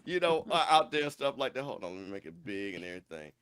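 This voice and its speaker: A middle-aged man hosting a casual sports talk show, excitable and repeating "hey, listen" as he jumps in. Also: fairly low pitch, quick pace. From Jackson, Mississippi. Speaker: show host.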